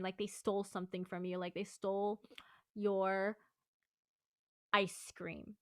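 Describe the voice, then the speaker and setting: A woman's voice: mid-range voice, animated, normal speed, fairly bright tone, clear, resonant tone, dry recording, clean studio sound. A woman vocal coach giving a casual singing lesson, explaining exercises in a chatty, rambling way.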